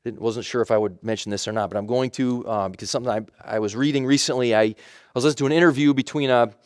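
A man's voice: medium pitch, steady tone, rapid-fire, no echo, clean studio sound. A man preaching a sermon in a conversational way, with emphatic repetition and frequent self-corrections. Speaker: pastor.

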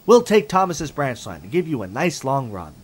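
A man's voice: mid-range voice, very animated, moderate pace, a little hiss or hum, voice pushed up, natural voice. A man voicing a friendly engine driver who speaks encouragingly.

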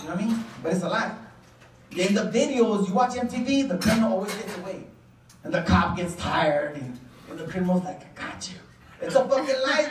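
Speaking in a high voice with a Chicano English accent, this stand-up comedian rambles through a profane, self-deprecating club set. There's a little hiss or hum on the recording, which sounds roomy with a distant mic, and the crowd laughs throughout.

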